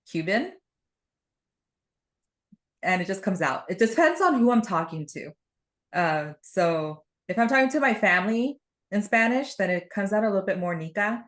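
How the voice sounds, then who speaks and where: Low-ish woman's voice, rambly chatty podcast guest, laughs a lot. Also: fairly bright tone. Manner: chatty and rambling, laughs often while telling stories. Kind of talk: casual conversation.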